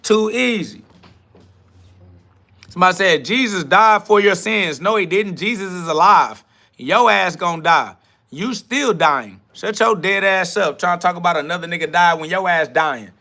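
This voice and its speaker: A man hosts a livestream rant. His voice sits a bit high and sounds tense and forceful, and he talks in a confrontational, preachy way, full of profanity. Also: animated, normal speed. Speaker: podcast host. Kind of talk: livestream self-talk rant.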